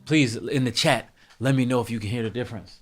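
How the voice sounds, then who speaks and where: A man's voice: mid-range voice, brisk. A man hosting a live music production tutorial, talking casually to his chat, thinking aloud and correcting himself as he goes.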